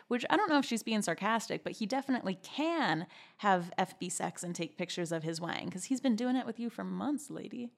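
A woman hosts a podcast in a casual, talky manner. She speaks candidly and comments freely as she goes. Her voice sits at an ordinary middle pitch. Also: animated, fairly quick, gravelly. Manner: candid and chatty. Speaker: podcast host. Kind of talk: casual commentary while reading messages aloud.

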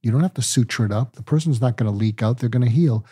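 An older male psychiatrist, calm and deliberate, explaining ideas with medical analogies in an interview. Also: mid-range voice, breathy edge, no echo, studio quality. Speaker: psychiatrist guest.

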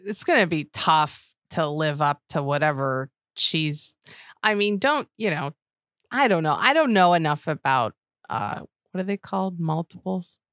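A woman's voice: low-pitched, unhurried, no room sound, studio quality. A woman co-hosting a casual chat podcast, telling stories with lots of laughter. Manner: animated storyteller, laughs often. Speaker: podcast co-host.

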